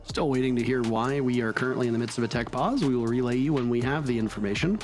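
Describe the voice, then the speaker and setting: A man's voice: medium pitch, quick pace, darkish tone, faint music behind. A man casting an esports broadcast, chatting loosely and correcting himself as he goes. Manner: chatty, rambling, self-correcting. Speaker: esports caster. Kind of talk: casual broadcast banter.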